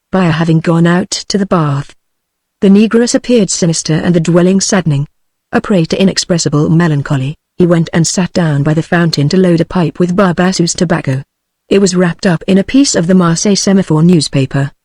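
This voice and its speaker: Even synthetic British woman reader. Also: fairly low pitch, no room sound. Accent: British English. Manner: even, unvaried synthetic reading, reads punctuation aloud. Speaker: narrator. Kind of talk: text-to-speech audiobook narration.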